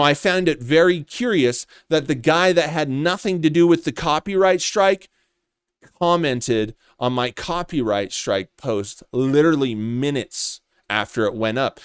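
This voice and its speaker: A man's voice: on the high side, lively intonation, a little slow, clean tone, dry recording, studio quality. A man delivering a contemptuous, accusatory commentary rant, swearing as he goes. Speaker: commentary vlogger. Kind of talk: ranting commentary.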